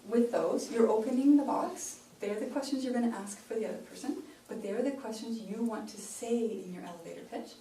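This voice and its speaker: A Canadian pronunciation coach leads a workshop talk, demonstrating by chopping phrases into short chunks. Her voice is on the high side, warm, fairly quick with few pauses. The room is echoey, caught on a distant mic with faint hiss.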